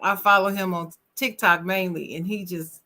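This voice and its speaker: A podcast co-host in easy, casual conversation, agreeable and quick with shout-outs. The voice sits at an ordinary middle pitch. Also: fairly even intonation. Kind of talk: casual chat.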